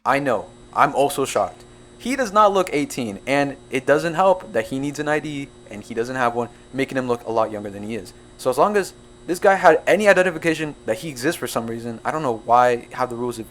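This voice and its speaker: A young man narrating a storytime video in an excitable, jumpy way, full of quick asides. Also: mid-range voice, a little hiss or hum. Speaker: storytime YouTuber.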